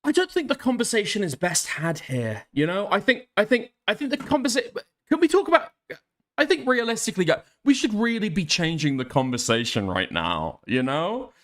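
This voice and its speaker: A man's voice: high voice, big pitch swings, normal speed, a bit bright. A man streaming, ranting in heated casual chat, exasperated and swearing often. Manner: exasperated, swears a lot, rants. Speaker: streamer reacting to news.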